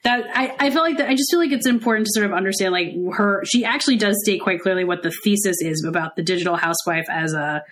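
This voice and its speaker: A woman guest on an academic podcast, enthusiastically reading passages aloud and adding quick asides. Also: medium pitch, fairly bright tone. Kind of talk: casual academic discussion.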